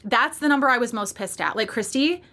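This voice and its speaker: Female podcast host, 30s, bright forceful tone, passionate and blunt. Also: fairly high pitch, animated, fast. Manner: passionate, emphatic, candid with casual swearing. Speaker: podcast host and fitness coach. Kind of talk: solo podcast monologue.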